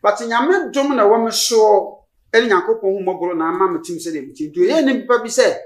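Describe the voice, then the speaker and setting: An older man with a Ghanaian accent, a church elder and spiritual leader appearing as a guest, answers interview questions emphatically and preacherly, slipping into English phrases. His voice sits high at a moderate pace, with roomy studio sound.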